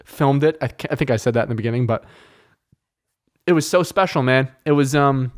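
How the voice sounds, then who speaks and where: A Canadian man hosting a podcast in casual chat, rambling and excitable, with heavy swearing. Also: medium pitch, fairly quick. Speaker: podcast host.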